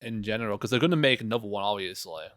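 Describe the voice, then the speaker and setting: A man's voice: fairly low pitch, fairly bright tone, no room sound, studio quality. A man co-hosting a gaming podcast, casually chiming in and asking the group questions. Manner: quick agreeing, asks questions. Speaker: podcast co-host.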